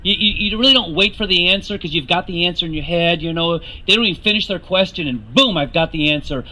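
A man's voice: sits high, a little fast, hardly any pauses, pushed and bright, low-quality recording. A man preaching a sermon, earnest and rising to emphatic questions to the congregation.

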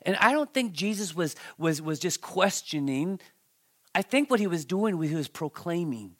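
A man preaching a Bible-teaching sermon, dramatic and halting, repeating words and restarting as he swings between loud outbursts and hushed near-whispers. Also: sits high, lively intonation. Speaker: pastor.

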